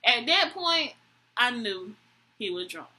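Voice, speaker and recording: A young woman vlogger telling a story in an animated, exasperated way, swearing often. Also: on the high side, slow pace. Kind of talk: storytime vlog.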